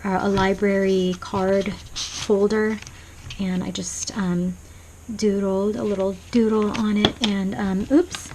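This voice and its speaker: A woman casually showing a handmade journal page by page, rambling softly with many pauses and restarts at her home desk. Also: medium pitch, a little hiss or hum, rough recording. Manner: rambling and soft-spoken, many ums and restarts. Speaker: craft vlogger. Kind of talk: casual show-and-tell flip-through.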